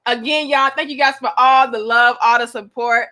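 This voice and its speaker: A woman's voice: on the high side, fairly even intonation, moderate pace, bright, forceful tone. A young woman hosting a casual live-stream chat, playful and teasing, laughing often. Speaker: host.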